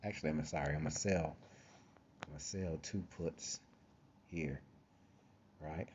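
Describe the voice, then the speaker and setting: A man's voice: rumbling low, a little slow, darkish tone, dull audio, a little hiss or hum. A man hosting a casual screen-share trading tutorial, talking conversationally with frequent fillers and repeated phrases, a little tired. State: tired, yawning. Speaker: trading course host.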